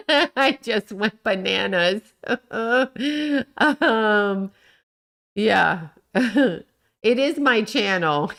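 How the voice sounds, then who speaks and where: A middle-aged woman holds forth on her own livestream in a casual, rambling rant. She is blunt and swears freely, jumps between topics and laughs often. Her voice sits at an ordinary pitch for a woman. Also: fairly bright tone. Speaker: livestream host.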